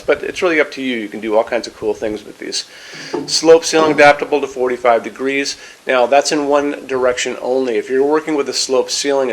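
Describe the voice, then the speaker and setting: Middle-aged man, mid-pitched voice, casual showroom product walkthrough with easy step-by-step explanations. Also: low-quality recording. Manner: chatty, explanatory, step-by-step instructions. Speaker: lighting showroom product presenter. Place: lighting showroom, indoors.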